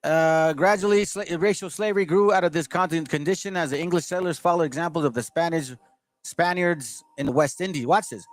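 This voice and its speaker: A man's voice: a little high, fairly quick, no echo. Combative man lecturing from a book. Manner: combative, lecturing straight at the audience; stumbles and restarts while reading aloud. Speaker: channel host. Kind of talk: reading aloud from a history book with running commentary.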